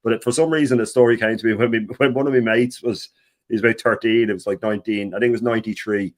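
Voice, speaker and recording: A chatty Irish man in his thirties, talking casually on a live football stream. His voice sits low, and he drifts into stories with easy laughs and the odd swear. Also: fairly even intonation, fast talker. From Ireland. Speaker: guest co-host with own channel.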